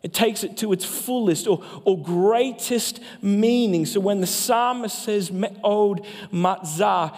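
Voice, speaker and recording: A man, a pastor, preaching a sermon with emphatic delivery that slows down for key phrases. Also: sits high, a little mellow. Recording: long hall reverb.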